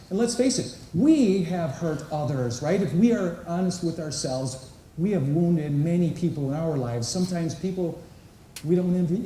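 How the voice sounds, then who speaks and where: At a large conference hall, a conference speaker with a warm, fairly high voice gives an inspirational talk, engaging the audience by asking questions and acting out quotes. The hall is echoey, his voice is picked up from a distance, and there's slight background noise.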